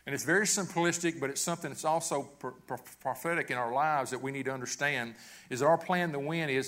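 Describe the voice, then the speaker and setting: A man's voice: medium pitch, fairly quick, fairly bright tone. A man preaching a sermon as pastor, earnest and repetitive, often restarting his phrases.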